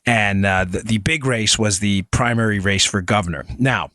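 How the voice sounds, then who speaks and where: A man hosting a political talk podcast, talking casually and animatedly, with quick asides and sudden raised emphasis. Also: dry recording, studio quality. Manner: animated, conversational, swings between low asides and high emphasis. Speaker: podcast host. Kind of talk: political talk show with ad read.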